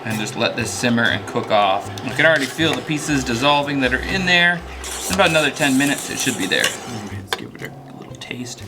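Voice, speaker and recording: A man's voice: medium pitch, expressive, brisk, background noise. A man hosting his own cooking video, chatting casually as he cooks and laughing at his own mistakes. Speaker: cooking channel host.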